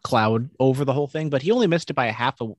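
A man's voice: mid-range voice, expressive, no echo, studio quality. A man co-hosting a podcast, chatting casually about sports with lots of fillers. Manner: quick, filler-heavy talk. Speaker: podcast co-host.

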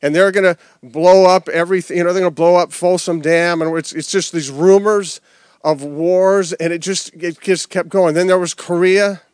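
A man's voice: sits high, fairly even intonation, moderate pace, darkish tone, smooth, dry recording, clean studio sound. A man preaching a conversational sermon outdoors, with rhetorical questions and repeated phrases. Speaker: pastor. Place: outdoor service.

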